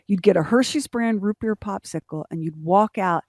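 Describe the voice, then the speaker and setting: Animated storyteller woman, dry studio sound. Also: medium pitch, moderate pace, no room sound. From Philadelphia. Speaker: radio show co-host. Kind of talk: casual chat.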